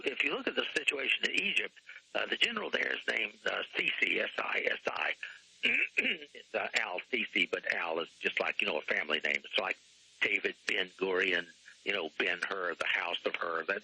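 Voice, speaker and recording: A man talking as a guest author on a radio talk show, rambling, often clearing his throat and spelling out names letter by letter. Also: on the low side, pushed and bright, dry recording, rough recording.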